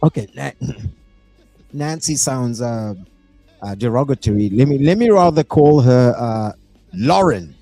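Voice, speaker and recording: A South African man doing live reaction commentary, animated and prone to bursting into shouts and whoops. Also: mid-range voice, slow pace, dry recording, soft background music. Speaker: reaction streamer.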